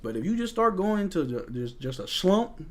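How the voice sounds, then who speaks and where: A young man with a slightly high voice hosts a live fan stream. He calls the plays loosely and chats back to his viewers in a relaxed, joking way, tossing in bits of trash talk. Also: normal speed. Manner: chatty, reads and answers chat, jokes and trash talk. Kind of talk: casual live game watch-along commentary.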